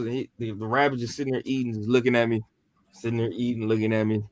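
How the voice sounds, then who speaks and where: Casual male podcast storyteller, slangy and animated, cursing freely, dry close recording. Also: medium pitch, very fast, no room sound. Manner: animated, profane, slangy, acts out what he said. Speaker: podcast co-host telling a ghost story.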